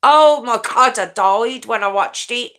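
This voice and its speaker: A woman voicing a flustered middle-aged mother who rushes and stammers through her excuses. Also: a little high, bright, forceful tone, voice pushed up. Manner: rushed, stammering, repeating herself.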